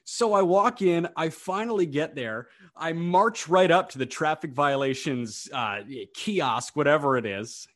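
A young man co-hosting a casual sports podcast, telling stories in an animated, ranting way. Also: fairly high pitch, measured pace, few pauses. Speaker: podcast co-host.

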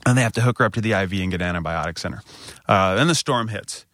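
Bright-voiced man telling a hard story. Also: low voice, quick pace. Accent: American. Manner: candid, animated when quoting people. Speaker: podcast co-host. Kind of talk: casual storytelling chat.

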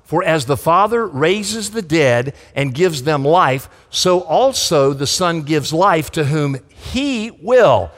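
A man preaching a sermon as pastor, fervent, his delivery swinging between loud emphasis and soft, intimate asides. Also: fairly high pitch. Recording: long hall reverb.

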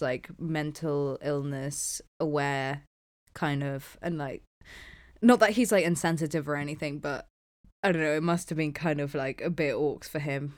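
A young woman with a notably low voice for a woman talks through a podcast chat. She is candid and chatty, leaning on filler words as she goes. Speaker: podcast co-host. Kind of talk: casual chat.

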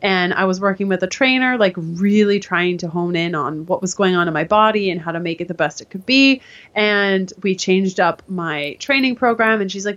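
A woman guest in an interview, telling her story in a casual, animated way and acting out what others said to her. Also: mid-range voice, normal speed. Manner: animated, acts out quoted voices. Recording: dull lo-fi sound.

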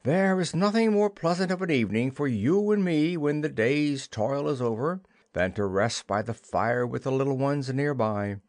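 A man's voice: mid-range voice, expressive, normal speed, darkish tone, no room sound, studio quality, voice pushed up, close to an everyday voice. A man voicing a carefree young boy in a storybook reading. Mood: boyish.

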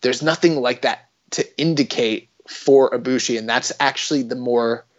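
A man's voice: mid-range voice, normal speed. A man chatting casually as a podcast co-host, rambling and joking, with offhand swearing. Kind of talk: casual wrestling chat. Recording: dull lo-fi recording.

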